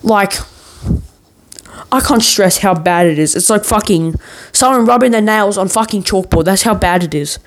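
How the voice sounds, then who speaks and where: A man's voice: high voice, normal speed. A man in a worked-up, profane ranting monologue, swearing nearly every sentence as a vlogger.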